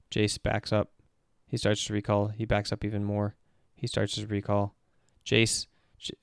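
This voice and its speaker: A man who works as an esports performance coach gives casual, animated commentary as he breaks down a game replay step by step. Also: lowish voice, unhurried, gravelly, few pauses, no echo, clean studio sound.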